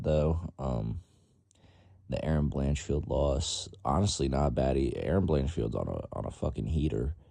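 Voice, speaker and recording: Young guy rambling fight picks, low gravelly voice, dry close sound. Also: mellow, no room sound. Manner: rambling, profane, lots of fillers. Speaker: MMA fight predictor. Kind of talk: casual vlog commentary.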